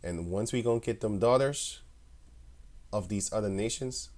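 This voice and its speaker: A man's voice: on the low side, moderate pace, darkish tone. A man preaching online, reading Bible verses aloud and commenting on them between short chuckles. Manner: reads verses then comments, with frequent chuckles.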